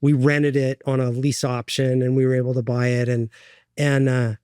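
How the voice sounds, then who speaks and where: A middle-aged man from the United States, a guest in an interview, telling his own story in an earnest, halting way with many fillers and restarts. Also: medium pitch, level tone, mellow, clear, resonant tone, dry recording, clean studio sound.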